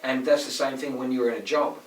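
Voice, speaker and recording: A young man in casual podcast chat, rambling fast with opinions and swearing. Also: medium pitch, little pitch movement. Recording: echoey room, mic at a distance, faint noise.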